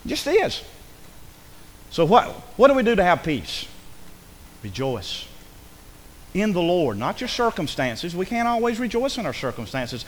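A man preaching a sermon in a church, animated and conversational, with quick asides and acted-out quotes. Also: sits high, a little hiss or hum. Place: church sanctuary. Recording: long hall reverb.

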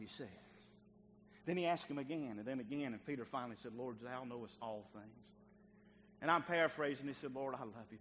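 A man pastor preaching a sermon in a church, acting out the voices of biblical figures and swinging between loud calls and quiet, tender passages. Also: sits high, long reverb tail. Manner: dramatic preaching, acts out biblical dialogue, swings loud to soft. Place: church sanctuary.

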